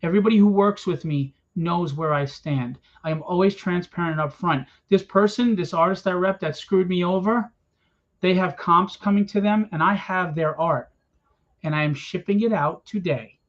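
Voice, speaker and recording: A man's voice: sits high, normal speed. A man who is a comic book publisher delivers a blunt, confrontational rant to a small crowd in a room at a convention, swearing freely. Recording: dull lo-fi event recording.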